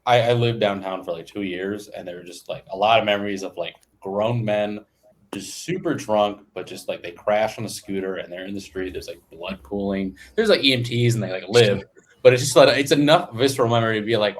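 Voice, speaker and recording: Lower-voiced man joking on a podcast. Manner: joking, bursts of quick talk. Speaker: podcast co-host. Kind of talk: casual banter.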